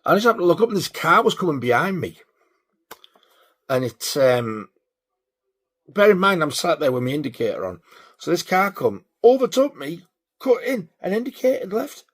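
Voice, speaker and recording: A man telling a sweary, animated story in a casual vlog. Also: on the high side, normal speed, pauses often. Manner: sweary, animated when riled. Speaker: vlogger.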